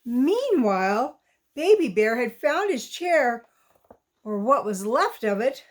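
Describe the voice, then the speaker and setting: Woman storyteller, high and slow, reads aloud to small children. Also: sing-song. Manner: slow, lilting, asks the young listener questions.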